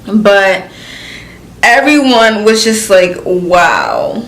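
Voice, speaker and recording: A woman's voice: mid-range voice, measured pace, a bit bright. A young adult woman vlogger telling a storytime vlog in a chatty, slangy and worked-up way. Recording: echoey room.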